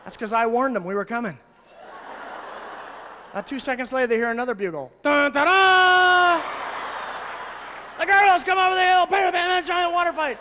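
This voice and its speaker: A man telling lively stories to an audience as a youth ministry speaker, acting out voices and shouting at times. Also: extremely high pitch, quick pace, pauses often, a faint crowd, a little hiss or hum. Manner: animated, acts out voices and shouts. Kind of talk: storytelling talk to an audience. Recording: long hall reverb.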